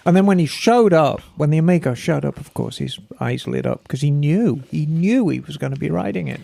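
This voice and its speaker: A man co-hosts a casual podcast, rambling along in a chatty, self-deprecating way. His fairly high voice swoops up and down with plenty of gravel in it. The sound is close and dry. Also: expressive, brisk, few pauses, dark tone, no room sound. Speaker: podcast co-host. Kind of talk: casual chat.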